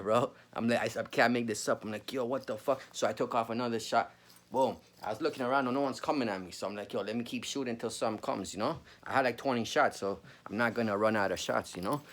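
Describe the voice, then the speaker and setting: A man's voice: mid-range voice, a bit bright. A man, telling a story casually, full of slang and swearing. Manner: slangy, swears a lot, says bro often.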